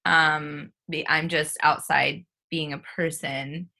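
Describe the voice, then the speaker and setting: A woman hosting a casual chat, slow and sympathetic, with gentle "um" fillers. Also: deep voice, little pitch movement, creaky.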